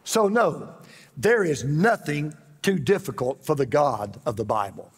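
A man preaching a sermon as pastor, animated and repetitive, with dramatic pauses. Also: a little high, slightly rough. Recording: reverberant hall.

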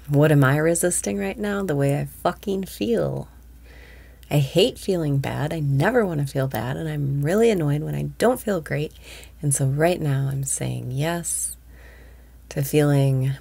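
A woman's voice: low voice, gravelly, warm tone, slightly rough. A woman guiding a meditation, giving half-whispered breathing cues and speaking with blunt, profane, self-deprecating candor. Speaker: meditation guide. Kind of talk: guided meditation.

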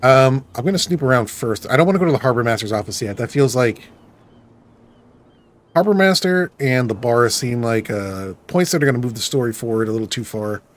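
A chatty man, joking and thinking aloud as he plays through a game. His voice sits at an ordinary middle pitch. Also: expressive, fairly quick. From Boston. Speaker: gamer. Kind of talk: let's-play commentary.

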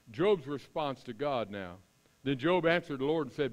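A middle-aged man preaching a sermon as pastor, chatting with the congregation, then reading scripture loudly and with emphasis. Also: mid-range voice, lively intonation, slow, pauses often.

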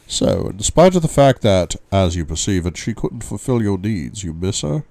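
A calm male psychiatrist who presses gently with measured questions, read by a man. The voice is deep and mellow, set close and dry with no room sound. It is an audiobook reading. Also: creaky, no echo. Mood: probing. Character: calm probing male psychiatrist, middle-aged.

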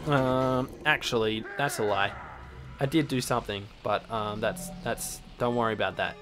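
A young man in casual let's play commentary, swearing a lot and bursting into yells at enemies. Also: medium pitch, moderate pace. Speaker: gaming channel host. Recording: faint game music behind.

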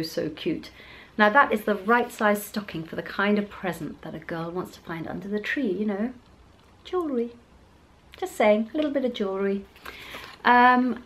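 A middle-aged woman chatting casually as she unboxes beauty products for her vlog, gushing and exclaiming as she goes. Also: mid-range voice. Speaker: beauty vlogger.

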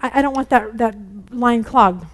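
A middle-aged woman teaches an informal Bible lesson in a fairly high voice, chatty and candid as she races the clock. She acts out family conversations with lively quoted voices.

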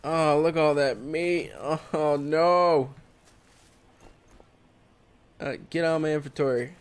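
A man's voice: a little high, fairly even intonation, takes it slowly, clear, resonant tone. A man giving casual solo commentary over a survival game, exclaiming at surprises. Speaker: gameplay commentator.

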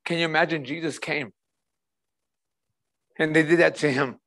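A man's voice: a little high, fairly even intonation, normal speed, long pauses, a bit bright. A man preaching a passionate sermon as pastor, repeating rhetorical questions and talking in a casual, conversational way.

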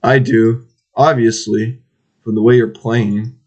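A man's voice: lowish voice, level tone, slow, darkish tone, dull audio. A man chatting casually over voice chat while gaming, teasing and trash-talking his friends. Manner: teasing, playful trash talk. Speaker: online game player.

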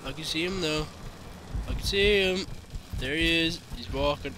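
A man giving casual gameplay commentary, excitable and foul-mouthed, cooing at the game's creatures and yelping at sudden scares. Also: a little high, a little slow, pauses often, a little hiss or hum. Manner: excitable, swears freely, baby-talks to game creatures, sudden yelps. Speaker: gaming channel host. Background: game music.

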